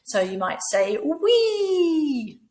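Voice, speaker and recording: A woman leading a teacher training session, explaining things patiently and clearly, often acting out words in different voices. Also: on the low side, normal speed. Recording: echoey room.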